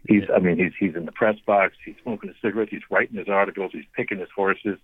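A man in his fifties, a radio guest telling family stories in a lively, anecdotal way, often restarting his sentences. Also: low-pitched, fast talker, husky, no room sound. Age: 50s. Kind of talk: storytelling on a call-in interview. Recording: tinny phone line.

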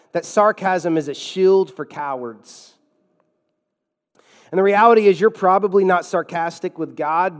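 A man's voice: high-pitched, in a large hall. A man preaching a sermon as a pastor in a church, emphatic, with sudden drops and swells in his delivery.

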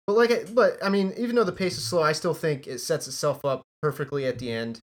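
A man's voice: on the high side, quick pace. Guy hosting a movie podcast, eager, asks the others stuff. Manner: enthusiastic, asks questions. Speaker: podcast host. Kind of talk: casual chat.

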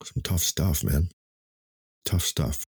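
A man's voice: a bass voice, animated, takes it slowly, gravelly, slightly rough. A man in his fifties hosting a solo podcast, talking candidly and emotionally about his life, swearing freely and restarting sentences. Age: 50s. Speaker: podcast host. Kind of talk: solo reflective podcast monologue. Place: home desk in front of a computer.

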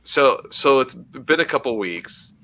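A man's voice: mid-range voice, animated, a little slow, pushed and bright, a little hiss or hum. A man co-hosting a casual podcast who teases and laughs often. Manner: wry, teasing, laughs often. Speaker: podcast co-host.

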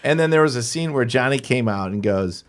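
Animated man telling a story. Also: fairly quick. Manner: animated storyteller, jumps into high voices for quotes. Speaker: improv comedian, show host. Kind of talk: casual chat, storytelling.

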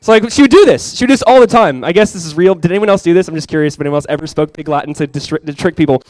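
A young adult man preaching a sermon as pastor, casual and chatty with many fillers, praying softly and slowly at times. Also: fairly high pitch, animated, no echo. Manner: soft, slow prayer.

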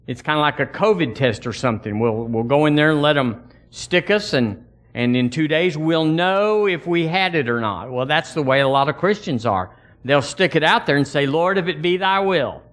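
A man's voice: on the high side, expressive, normal speed, fairly bright tone. A man preaching a sermon in a folksy, emphatic way, speaking straight to his congregation and asking them to repeat after him.

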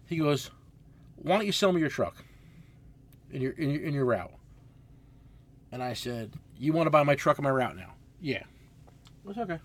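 A man's voice: fairly high pitch, normal speed, pauses often. A middle-aged man, a tool truck dealer, telling a long story in casual chat, swearing freely and acting out both sides of the conversation. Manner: profane, animated storyteller acting out quotes.

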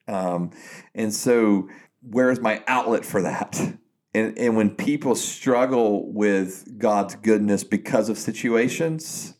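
Low-voiced earnest pastor, a man. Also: slow, darkish tone. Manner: earnest, reflective, with frequent restarts. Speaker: pastor and podcast co-host. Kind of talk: casual podcast talk.

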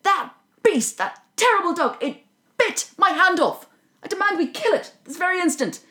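A woman's voice: extremely high pitch, animated, normal speed, sharp tone, pitched above the performer's own voice, exaggerated voice. An Irish woman voicing a furious young male villain demanding revenge in a podcast retelling.

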